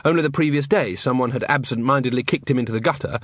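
A man reads an audiobook in a measured, wry way. His voice is husky and of middling pitch, and the recording is dry and close with no room sound. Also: fairly bright tone, no echo. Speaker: audiobook narrator. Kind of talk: scripted narration.

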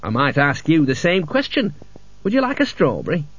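A man's voice: a little high, huge pitch swings, normal speed, fairly bright tone, breathy edge, no echo, heavily acted. A man doing a vague, rambling male wizard. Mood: mild, rambling. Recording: dull lo-fi audiobook recording.

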